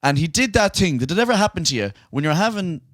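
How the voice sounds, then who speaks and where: A man's voice: fairly high pitch, fast talker, no echo, studio quality. A young Irish man co-hosting a podcast, telling a rowdy story in casual chat, swearing and acting out the people in it. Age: young adult. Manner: animated, swearing, acts out voices in his stories. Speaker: podcast co-host.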